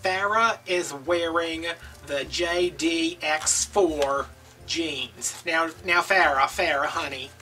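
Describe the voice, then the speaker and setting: A man telling a casual story as a crafting video host, animated and gossipy, acting out other people's voices as he goes. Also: fairly high pitch, slow pace. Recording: distant mic with faint background music.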